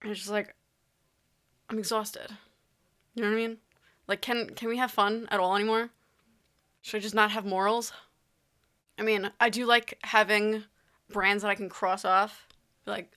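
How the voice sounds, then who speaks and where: Bright, smooth-voiced woman chatting. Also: medium pitch, steady tone, normal speed, pauses often. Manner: chatty, rambling, with frequent restarts and asides. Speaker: vlogger. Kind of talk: casual chat.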